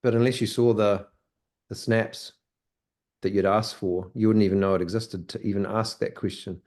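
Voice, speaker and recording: A man's voice: lowish voice, fairly even intonation, normal speed, darkish tone. A man, a guest photographer talking on a video call, hesitant with many fillers and restarts. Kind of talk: casual video call discussion.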